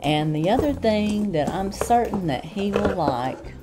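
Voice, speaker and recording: A woman's voice: mid-range voice, lively intonation, a little slow, over music. A woman with a Southern accent chatting enthusiastically through an unboxing review in a homey way. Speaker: unboxing vlogger. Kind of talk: casual product review.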